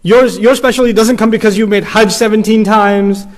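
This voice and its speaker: A man's voice: high voice, fairly even intonation, moderate pace. A man giving an earnest, conversational sermon in a mosque, acting out the inner voices of his listeners. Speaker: preacher. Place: mosque hall.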